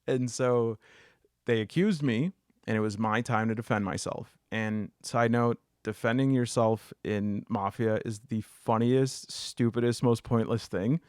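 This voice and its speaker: Male solo storyteller, middle pitch, dry booth-like sound, animated and jokey. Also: unhurried, clear, resonant tone, dry recording. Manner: animated, jumps into high excited pitch when riled up; jokey asides, many fillers. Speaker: solo video essayist. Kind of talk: casual storytelling monologue.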